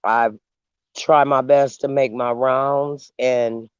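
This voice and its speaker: A man hosting a casual livestream, talking slowly with long pauses and eating as he speaks. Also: mid-range voice, level tone, smooth, no echo, lo-fi sound. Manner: unhurried, pausing, eating while talking. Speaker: channel host. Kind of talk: slow casual livestream chat.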